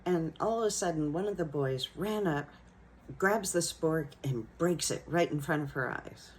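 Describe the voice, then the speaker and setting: A woman who teaches young children, telling a personal classroom story in a gentle, reflective way. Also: low-pitched, moderate pace, slight background noise, rough recording. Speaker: elementary school teacher.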